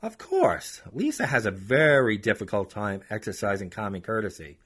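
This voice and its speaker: A man's voice: on the low side, big pitch swings, moderate pace, fairly bright tone, slightly rough. A man hosting a podcast, telling a story bluntly and sarcastically. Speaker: podcast host.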